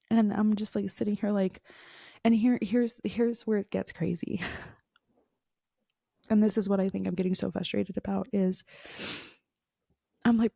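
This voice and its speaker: A woman's voice: mid-range voice, vocal fry, warm tone, breathy edge, no room sound, studio quality. A woman hosting a podcast, telling a frustrated story in a casual monologue full of fillers. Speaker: podcast host.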